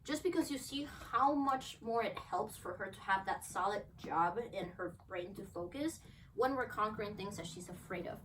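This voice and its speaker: A woman's voice: medium pitch, expressive, moderate pace, fairly bright tone. A young woman dog trainer explaining to camera during a training demonstration at home, breaking off to praise her dogs cheerfully. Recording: distant camera mic, faint room noise.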